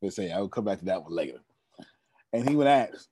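A man's voice: low voice, animated, brisk, dark tone, slightly rough, dry recording, studio quality. Emphatic young man preaching to his audience. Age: young adult. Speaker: motivational speaker leading a members' meeting. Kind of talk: motivational storytelling talk.

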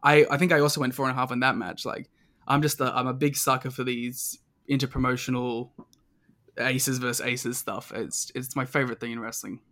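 Man, podcast guest, casual chat, mid-range voice, eager, halting, says "like" a lot. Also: mid-range voice, little pitch movement, a bit bright. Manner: enthusiastic, halting, lots of "like". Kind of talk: casual chat, match review.

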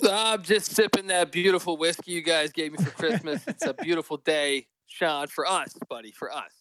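A man calling in as a podcast guest on a cell phone with earphones, telling rambling, excitable stories. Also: on the high side, normal speed, no room sound. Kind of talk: casual sports chat.

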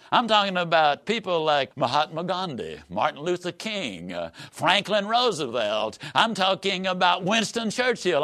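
A man giving a folksy, emphatic motivational talk that swoops high and low. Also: fairly bright tone. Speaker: motivational speaker. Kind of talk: motivational speech.

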